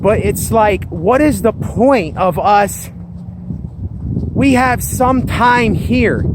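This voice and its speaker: High-voiced man vlogging over noisy background. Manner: earnest, repetitive, emphatic. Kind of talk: personal reaction vlog.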